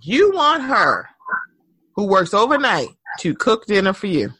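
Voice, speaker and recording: A woman's voice: mid-range voice, a little slow, slightly rough, dry recording. A woman co-hosting a casual chat, telling sassy stories and acting out the quoted voices. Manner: animated, sassy storytelling with acted-out quotes. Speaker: podcast co-host.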